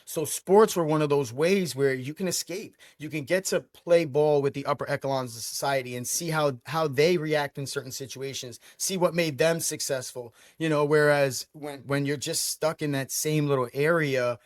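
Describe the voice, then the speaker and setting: Energetic New man telling his story. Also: a little high, normal speed, hardly any pauses, no echo, studio quality. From Brooklyn, New York. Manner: energetic, emphatic, repeats words when starting phrases. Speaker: franchise owner guest. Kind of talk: storytelling interview.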